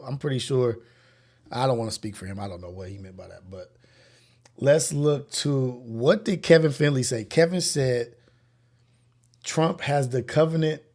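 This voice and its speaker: A man's voice: mid-range voice, darkish tone. A man hosting a morning podcast livestream, talking through the news in casual, slangy commentary and musing aloud. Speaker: podcast host.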